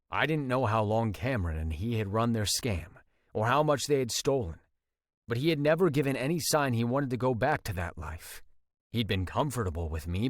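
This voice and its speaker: A man narrating a first-person romance audiobook in an expressive, dramatic storytelling manner. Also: medium pitch, dry recording, clean studio sound.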